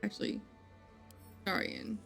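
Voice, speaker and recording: A woman's voice: measured pace, fairly bright tone, soft background music. A woman streaming a video game, chatting casually and reading in-game books aloud. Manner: chatty, reads game text aloud with self-corrections.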